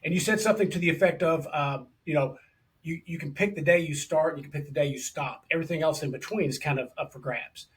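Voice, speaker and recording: A man hosts an interview podcast, speaking fast in a fairly high voice. He's chatty and enthusiastic, keeping things casual with his guest and calling him brother.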